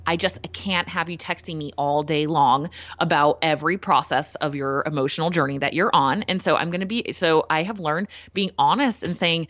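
A woman with a fairly low voice talks in a blunt, animated way, acting out her own remarks in conversation. The recording is close and dry, with a slightly dull, lo-fi tone. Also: normal speed, no room sound. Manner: animated, blunt storytelling with quoted asides. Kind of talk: casual chat.

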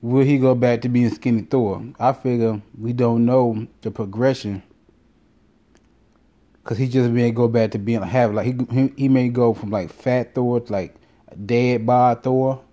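Man, casual storytelling, rambling, profane, mellow tone, middle pitch. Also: fairly even intonation, a little slow. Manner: rambling, profane, self-interrupting. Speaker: vlogger.

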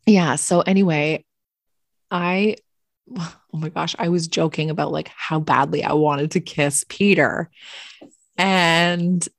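A woman co-hosting a podcast, telling a story in a casual, animated way, swearing freely and laughing often. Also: deep voice, takes it slowly, vocal fry, no room sound, studio quality. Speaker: podcast co-host.

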